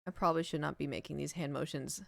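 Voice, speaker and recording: This young adult woman's voice is low-pitched, gravelly and steady, and she talks fast. Streaming live close to a large studio microphone with no echo, she chats in a rambling, self-deprecating way, full of fillers and laughter.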